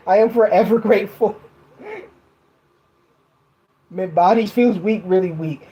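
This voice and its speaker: A woman's voice: mid-range voice, warm tone, low-quality recording. A woman hosting a casual livestream from her bed, giggling between lines and often stopping to restart her sentences. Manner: halting, restarts a lot. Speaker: livestream host.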